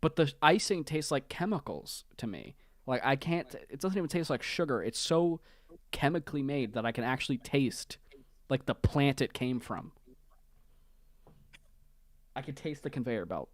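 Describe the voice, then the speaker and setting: A podcast host on a call, chatting casually, animated and profane, laughing often. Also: mid-range voice, moderate pace, no room sound. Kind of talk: casual chat.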